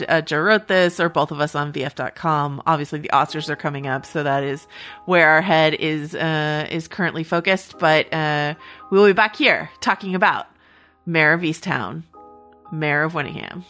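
A woman with a lowish voice co-hosts a podcast in casual, rambling chat. She laughs easily and drifts into side remarks before circling back. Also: moderate pace, a bit bright, soft background music. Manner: chatty, laughs easily, trails off into asides. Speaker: podcast co-host.

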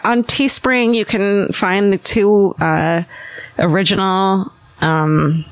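A woman's voice: medium pitch, fairly even intonation, slow pace, no room sound. A woman co-hosting a podcast in casual chat, self-deprecating and profane, telling stories with animation. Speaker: podcast co-host.

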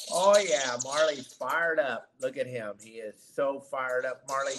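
A man hosting a live fishing show, chatty and excitable, greeting viewers loudly. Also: medium pitch, moderate pace, background noise. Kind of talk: casual live-stream chat.

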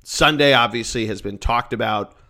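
A man's voice: medium pitch, normal speed, creaky, pushed and bright. A man hosting a solo sports podcast, chatting in an upbeat, joking, rambling way. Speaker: podcast host.

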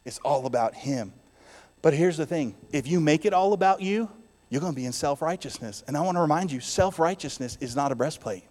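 A man preaching a sermon as pastor to his church, swinging between loud declarations and hushed, soft passages. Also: on the high side, expressive, a little fast, in a large hall.

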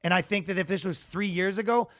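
Man, podcast co-host, casual profane chat, slightly high pitch, dry sound. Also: quick pace, no echo. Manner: rambling, profane, animated with loud impressions.

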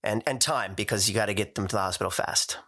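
A man's voice: on the low side, fast talker, pushed and bright. A man speaking as a podcast guest in casual chat, hesitant and full of fillers as he explains.

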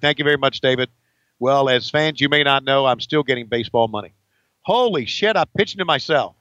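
A man's voice: a little high, fairly quick, bright, forceful tone, no echo, dull audio. A man co-hosting a podcast, joking about wrestling and mimicking old promos. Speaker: podcast co-host. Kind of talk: comic wrestling commentary.

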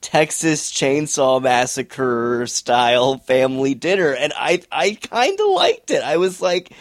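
A man's voice: mid-range voice, big pitch swings, unhurried, hardly any pauses, dry recording. A man with a mid-range voice talks casually about a TV show, easygoing and playful, with laughter breaking into his sentences. The sound is dry and close, with no room around it. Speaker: TV review podcast co-host. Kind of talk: casual review chat.

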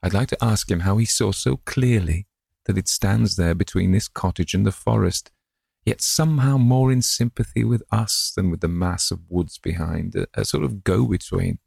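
A man with a low, creaky voice playing a dreamy, tender old gentleman who muses aloud. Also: moderate pace, no echo, studio quality, full character voice. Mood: musing. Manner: wistful, musing aloud.

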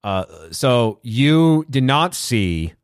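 Man, podcast co-host, casual chat, mid pitch, dry close sound, animated storyteller. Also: drawn-out words, smooth, dry recording. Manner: animated storyteller, acts out quotes loudly.

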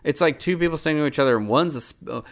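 A man's voice: fairly high pitch, very fast. A man hosting a podcast, reviewing a film in a casual solo monologue; he rambles, loses his train of thought and pokes fun at himself.

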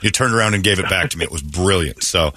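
Low-voiced, bright radio host. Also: male voice, quick pace, dry recording. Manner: joking storyteller, animated retelling. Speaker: radio morning show host. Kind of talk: casual radio banter. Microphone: studio microphone.

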